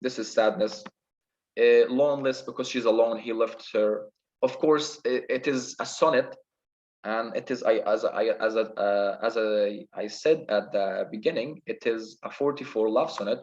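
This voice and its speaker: A man, not a native English speaker, slowly talks through the meter and rhyme of a sonnet, hesitating and counting syllables word by word. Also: on the low side, darkish tone, dull audio. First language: Arabic. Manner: hesitant, with many restarts and fillers. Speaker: student presenting a poem analysis. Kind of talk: spoken literature analysis.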